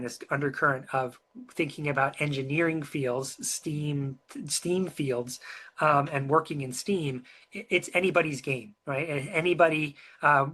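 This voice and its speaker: A webinar co-presenter telling a story in a casual, chatty way, filling pauses with um and uh and asking the listener questions. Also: medium pitch. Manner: chatty and animated, many um and uh fillers, asks the listener questions.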